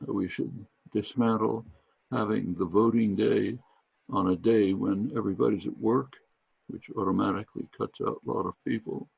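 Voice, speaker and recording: A man talking as an interview guest in a halting, measured way, restarting his phrases. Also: on the low side, steady tone, vocal fry, a little mellow, breathy edge, no room sound. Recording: dull, dry lo-fi recording.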